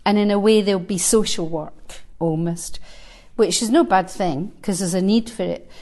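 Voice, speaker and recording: A woman's voice: mid-range voice, normal speed, a little mellow. A woman in her sixties, a Buddhist teacher, giving a dharma talk to a live group at a centre. She talks conversationally with light humor, thinking aloud between verses she reads out.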